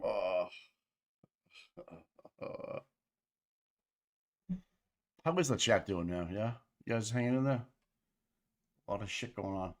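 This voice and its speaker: A man's voice: on the low side, takes it slowly, long pauses. A man co-hosting a livestream in casual, profane, rambling chat with his viewers. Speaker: livestream co-host.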